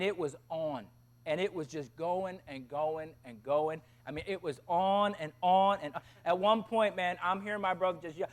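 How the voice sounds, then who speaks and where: A man with a strikingly high voice preaches in a chapel. He tells his story with lively swings from hushed tones to loud bursts, in a storytelling sermon style. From Tennessee. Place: chapel service.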